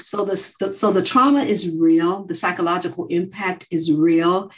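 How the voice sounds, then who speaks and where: A middle-aged woman researcher answering interview questions in an earnest, measured way, often adding "you know". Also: on the low side, rough recording. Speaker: researcher guest.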